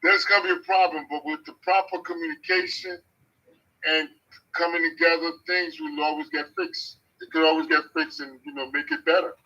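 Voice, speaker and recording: A man's voice: fairly high pitch, lively intonation, brisk, pushed and bright, muffled recording. A man talking as a guest on a live show, earnest and motivational, repeating his points.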